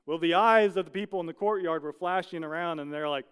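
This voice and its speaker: Guy preaching a sermon, earnest storyteller, smooth clear voice, bit high. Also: steady tone, fast, few pauses, a bit bright. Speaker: pastor.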